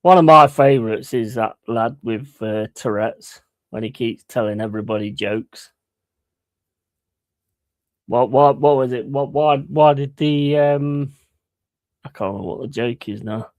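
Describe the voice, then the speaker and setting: A man's voice: medium pitch, a little slow, no room sound. A man chatting casually on a live stream, rambling and swearing between chuckles.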